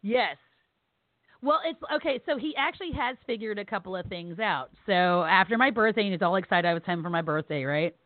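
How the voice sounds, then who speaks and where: Speaking fairly quickly at a medium pitch, this woman co-hosts a podcast while on pain meds after surgery. She laughs her way through comic family stories, animatedly performing the quotes, and the dry recording sounds tinny, like a phone line.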